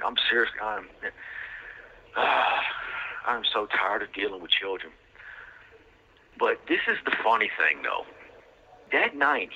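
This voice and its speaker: Brief: man with a bright, husky voice spinning a loose, slangy story over a tinny phone line. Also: mid-range voice. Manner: rambling, street slang, many fillers. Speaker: podcast host telling his own story. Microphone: prison phone line.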